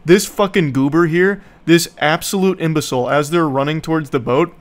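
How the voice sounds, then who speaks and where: A man's voice: fairly high pitch, normal speed. A young man streaming, casually recapping a bad movie to his viewers in a sarcastic, profane, rambling way.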